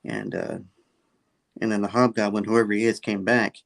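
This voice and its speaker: A man's voice: on the low side, big pitch swings, normal speed, creaky. A man casually recapping a comic book story, rambling with many fillers and quoting the characters in passing. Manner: rambling, full of fillers and "he's like" quotes.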